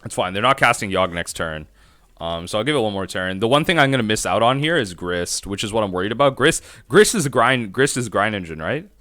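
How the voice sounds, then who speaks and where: A man's voice: lowish voice, lively intonation, brisk, bright, forceful tone, dry recording, studio quality. A man streaming a card game, thinking aloud in rambling self-talk as he plays. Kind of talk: live-stream gameplay commentary.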